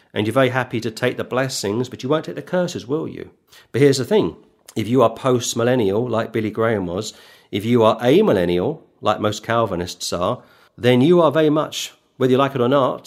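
A man preaching a sermon, scolding his listeners with sarcastic rhetorical questions and reading scripture slowly and emphatically. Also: medium pitch.

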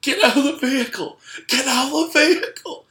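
A man voicing a furious, shouting go-kart track mechanic who barks orders at a kid. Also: extremely high pitch, fairly quick, voice pushed up. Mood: yelling. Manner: shouting angry commands.

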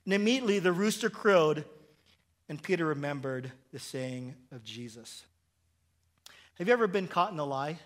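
A man's voice: fairly high pitch, lively intonation, moderate pace, long pauses. A man preaching a sermon in church, conversational and joking, often restarting and asking "right?". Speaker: pastor.

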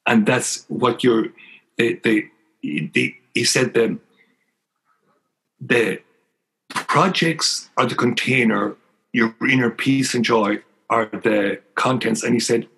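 Older man, Irish accent, priest, husky, rough-edged voice, earnest storytelling interview guest. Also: mid-range voice, takes it slowly, pauses often, a bit bright, poor audio. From Ireland.

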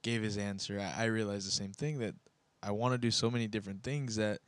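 A man with a low voice speaks in a relaxed, easygoing way, pausing to find his words. The sound is dry and close. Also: no room sound. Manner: relaxed, chatty, slightly halting. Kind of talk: casual podcast chat.

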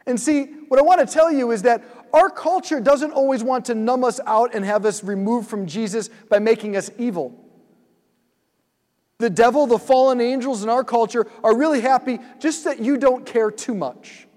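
A man's voice: very high-pitched, moderate pace, big-room sound. A man giving a sermon, telling stories and acting out his own thoughts. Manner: animated storyteller who acts out his own thoughts. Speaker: speaker at a multi-night church event. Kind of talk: sermon with storytelling.

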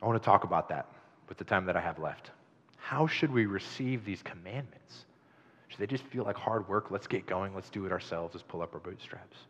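A male pastor preaching a sermon in a conversational, animated way, with chatty asides to the congregation. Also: low-pitched, a little fast. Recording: dull sound in a long-reverb hall.

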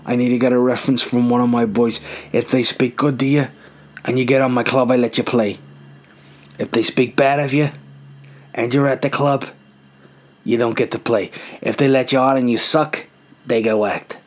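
A man voicing a cool, threatening male mafia boss in slow, measured gangster-movie tones. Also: medium pitch, fairly even intonation, lightly acted. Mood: menacing.

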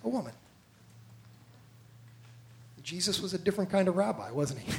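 A high-voiced male pastor preaches a lively sermon at a racing pace, his voice gravelly, with a little hiss or hum in the background. He tells stories energetically, acts out the people he quotes, and puts direct questions to the congregation.

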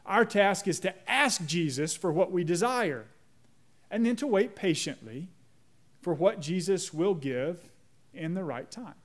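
A man preaching a sermon as pastor, slowing down to lead a prayer. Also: high-pitched, lively intonation. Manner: measured, slows down on prayer phrases; leads the congregation in repeating a prayer.

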